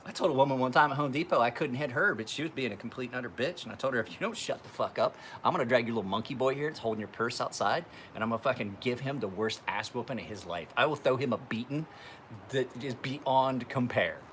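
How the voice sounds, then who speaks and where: A man's voice: fast talker, a bit bright. A man telling rambling, profane stories while sharpening knives on a live stream. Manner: profane, rambling anecdotes, acts out other voices in high tones. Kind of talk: casual livestream storytelling. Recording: faint background noise.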